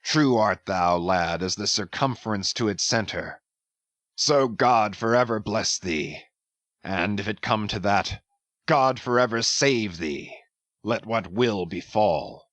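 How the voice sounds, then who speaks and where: A man's voice: fairly low pitch, slow pace, a bit bright, no echo, pitched below the performer's own voice. A man playing a grim, obsessed sea captain. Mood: solemn. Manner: solemn, stern, archaic speech. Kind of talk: dramatic audiobook reading.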